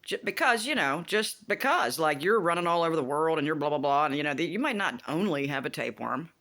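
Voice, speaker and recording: A woman vlogging in a casual, indignant rant, animated and swearing freely as she retells a TV plot. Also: deep voice, brisk. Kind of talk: casual rant about a TV show.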